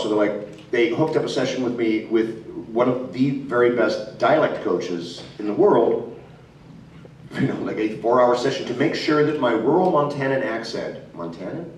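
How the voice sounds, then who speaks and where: A man's voice: medium pitch, a little hiss or hum. A middle-aged man from Australia telling stories as a guest on a voice-actor panel. He laughs often and slips into put-on voices. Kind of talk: convention panel talk, anecdotal. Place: convention hall. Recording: echoey hall, mic from far off.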